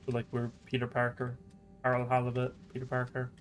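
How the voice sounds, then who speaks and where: A man's voice: mid-range voice, monotone, brisk, faint music behind. A man hosting a casual let's-play stream, joking, laughing often and drifting into rambling tangents. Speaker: gaming channel host.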